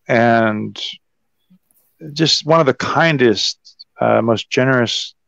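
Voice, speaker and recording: A man with a gravelly, fry-laden voice tells rambling stories in a loose, casual chat, full of ums and restarts. His voice comes through a dry, muffled livestream connection with no room sound. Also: medium pitch, dry recording. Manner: rambling, warm storytelling with many fillers. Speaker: wrestling podcast guest. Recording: dull, dry lo-fi stream audio.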